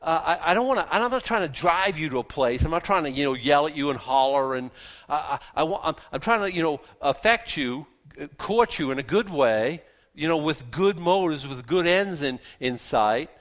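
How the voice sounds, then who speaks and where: A man preaching a sermon, zealous and animated, trying to keep his voice soft, with many restarts. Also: on the high side, normal speed. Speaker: pastor.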